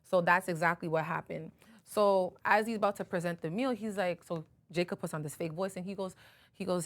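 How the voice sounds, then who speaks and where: A woman's voice: on the low side, a little fast. A woman podcast host retelling a Bible story in a casual, emphatic way, often correcting herself. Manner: conversational, self-correcting, emphatic.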